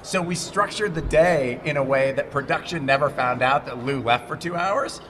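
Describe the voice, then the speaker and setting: A middle-aged man from Montreal, an actor being interviewed at a convention, who talks in casual animated stories, restarts his sentences and acts out the quotes. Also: fairly high pitch, moderate pace, noisy background. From Montreal, Canada. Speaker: actor guest. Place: convention hall.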